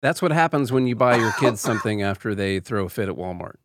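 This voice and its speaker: A man's voice: fairly low pitch, lively intonation, fast, no room sound. A man hosting a podcast, talking in a sarcastic, opinionated and rambling way. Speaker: podcast host. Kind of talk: casual commentary.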